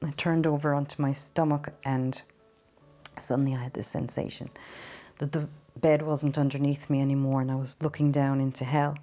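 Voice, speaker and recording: A woman from Ireland giving an earnest, halting personal testimony in an interview, sometimes emotional. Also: low voice, mellow. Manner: earnest, halting storytelling with restarts. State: emotional at times. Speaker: interview guest.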